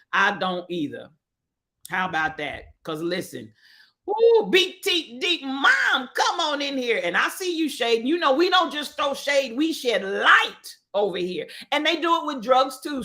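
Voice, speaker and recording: High bright woman, animated stream host, preachy delivery. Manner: animated, greets viewers by name, preachy and emphatic. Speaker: livestream host. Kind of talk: live-stream chat and commentary.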